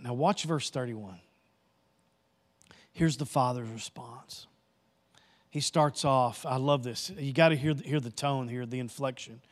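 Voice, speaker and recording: In a mid-range voice, a pastor delivers a sermon with emphatic repetition. He swings between loud passages and hushed ones.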